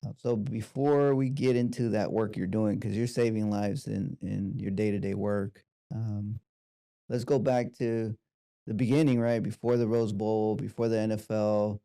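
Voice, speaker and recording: Gravelly low-voiced man hosting a podcast. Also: steady tone, measured pace, no room sound, clean studio sound. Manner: warm, encouraging, summarizing questions. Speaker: podcast host. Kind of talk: interview.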